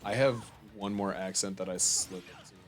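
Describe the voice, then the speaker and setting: A man's voice: low-pitched, steady tone, moderate pace, soft background music. A tired young man streaming a game, joking offhand and swearing freely in casual chat. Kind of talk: casual chat while gaming.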